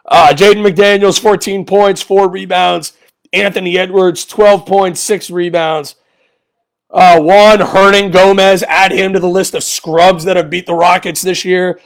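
High-voiced guy ranting solo on his sports podcast, sarcastic, mad, keeps repeating the name. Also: fairly even intonation, unhurried. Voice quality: voice goes high when angry. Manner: frustrated, sarcastic, repeats a player's name for emphasis. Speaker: podcast host.

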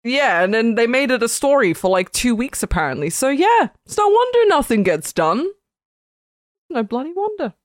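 A woman co-hosting a podcast in casual chat, excitable, laughing often and swearing. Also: fairly high pitch, normal speed, no room sound, studio quality. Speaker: podcast co-host.

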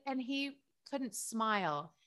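A woman's voice: a little high, animated, slow, fairly bright tone. A middle-aged woman speaking candidly and tenderly in a personal conversation, sometimes laughing through sad memories. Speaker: guest.

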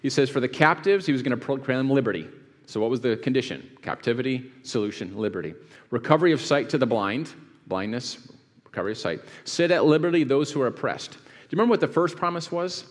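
A man's voice: mid-range voice, expressive, fast talker. A man, a pastor, preaching a sermon to a live congregation, reading scripture aloud and quizzing the audience with questions. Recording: long hall reverb.

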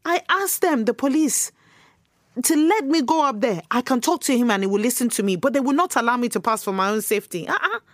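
A woman's voice: on the high side, animated, brisk, dry recording, natural voice. An actress playing a married church assistant, a woman recalling her release as a hostage, emphatic and hesitant with fillers, recorded close and dry. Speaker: former hostage. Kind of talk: audio drama monologue.

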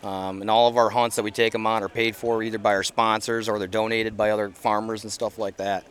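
A man's voice: on the low side, flat delivery, brisk. A middle-aged man chatting as a podcast guest outdoors, talking earnestly with plenty of fillers and restarts. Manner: earnest, rambling, many fillers. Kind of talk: casual interview chat. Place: outdoors at an event.

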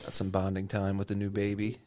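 A man co-hosting a podcast in casual chat, playful and quick to laugh. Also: low voice, monotone, a little mellow. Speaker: podcast co-host.

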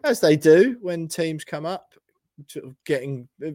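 A man's voice: on the high side, expressive, a little slow, warm tone, no echo. A man hosting a casual football podcast, chatty and upbeat as he leads the talk. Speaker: podcast host.

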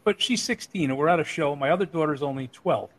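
In a rough recording, a middle-aged man with a fairly high, quick voice recounts crude tales in casual talk. He's animated, putting on the voices of everyone in his stories, and the language is profane.

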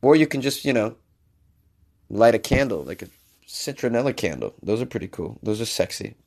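A man's voice: on the low side, sing-song, normal speed, gravelly, a little mellow. A man giving casual, jokey commentary while reading out a science news story, with sarcastic asides. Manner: jokey, sarcastic asides, mock-crooning bits.

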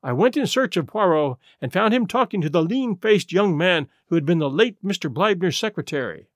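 A man narrating a classic detective audiobook. His voice sits high and moves a lot in pitch, and it is recorded dry and close with no room sound. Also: lively intonation, fairly quick, hardly any pauses, no echo. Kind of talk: scripted narration.

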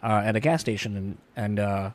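A man in casual podcast chat, telling stories in a quick, chatty way. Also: fairly low pitch, dry recording.

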